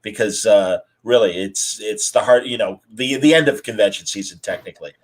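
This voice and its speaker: A man's voice: lowish voice, fairly quick, husky, low-quality recording. A man hosting a casual live-streamed chat over a video call, talking loosely with lots of fillers. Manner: chatty, many fillers and restarts. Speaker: host.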